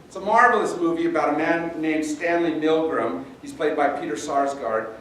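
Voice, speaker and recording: A pastor preaching a sermon in a conversational, halting way, often repeating words. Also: male voice, a little high, fairly bright tone, a little hiss or hum. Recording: roomy echo, distant mic, faint ambience.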